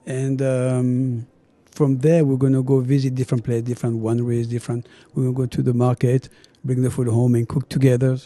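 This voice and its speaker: A middle-aged man from France with a French accent, a chef chatting in an interview and telling animated stories. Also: mid-range voice, brisk, no echo. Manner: animated storyteller, acts out dialogue, laughs often. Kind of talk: casual interview chat.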